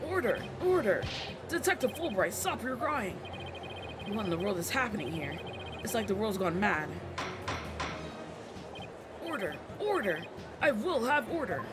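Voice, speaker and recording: A woman's voice: mid-range voice, big pitch swings, unhurried, pauses often, noisy background. A woman voicing a flustered older male judge who keeps calling for order in exasperation, over game music. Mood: exasperated.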